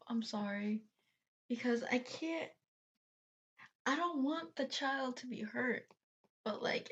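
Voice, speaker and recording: Slow-talking woman on a dull lo-fi mic. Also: mid-range voice. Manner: chatty, tangent-prone, laughs between phrases. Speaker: reaction video host. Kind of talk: casual rambling chat.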